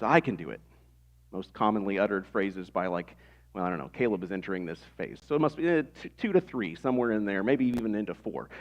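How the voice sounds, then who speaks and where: A man's voice: on the low side, darkish tone. A man in his thirties preaching a sermon in a conversational way, with rhetorical questions to the congregation. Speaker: pastor.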